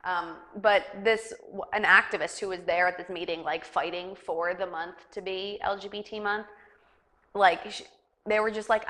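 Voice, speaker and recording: A woman's voice: mid-range voice, fairly even intonation, normal speed, bright, forceful tone. A young woman hosting a casual news chat show, rambling and giggly, with lots of fillers. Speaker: talk show host.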